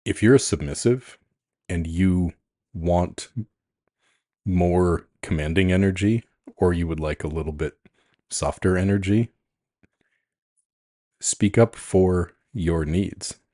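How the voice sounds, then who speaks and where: A man with a very deep, husky voice speaks in a calm, frank and reflective way in a relaxed podcast chat. The sound is dry and close, with no room around it. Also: slow, long pauses, dry recording. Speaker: podcast co-host, coach. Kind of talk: casual chat.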